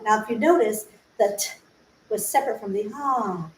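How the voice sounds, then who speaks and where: Higher-voiced woman teaching singing. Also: moderate pace, a little hiss or hum. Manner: demonstrates sung syllables and vowels; explains patiently, asks rhetorical questions. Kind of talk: informal livestream voice lesson. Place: room, solo livestream. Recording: echoey room, faint ambience.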